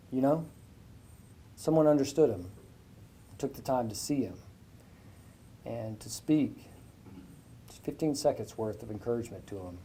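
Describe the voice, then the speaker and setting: Husky, mellow man giving a talk. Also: mid-range voice. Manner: storytelling, conversational with fillers. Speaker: guest speaker at a business breakfast. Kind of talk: inspirational speech with a faith message.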